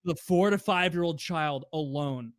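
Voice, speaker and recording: Young guy ranting a story on a podcast, kinda high voice, dry close mic. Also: a little slow, no echo. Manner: animated, swearing, acts out quoted customers. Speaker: podcast co-host. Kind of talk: casual storytelling.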